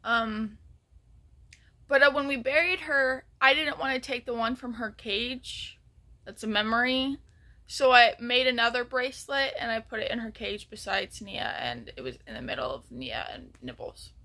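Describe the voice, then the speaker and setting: A woman's voice: fairly high pitch, normal speed, bright, forceful tone. A woman telling a story in a casual vlog, rambling with many ums and restarts and sometimes dropping to a near whisper. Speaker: vlogger.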